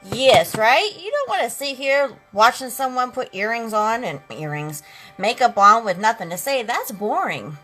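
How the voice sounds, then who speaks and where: Chatty high-voiced woman streaming live. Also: sing-song, normal speed, a bit bright, low-quality recording. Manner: talkative, sassy, addresses viewers as girls and honey. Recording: faint music in the background. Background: eighties instrumental music.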